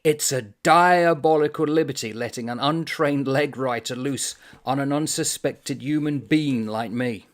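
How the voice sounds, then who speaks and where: A man voicing an indignant young soldier from a novel, loud and aggrieved as he complains. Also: huge pitch swings, very slow, gravelly, long pauses, full character voice. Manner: loud, aggrieved, raised pitch.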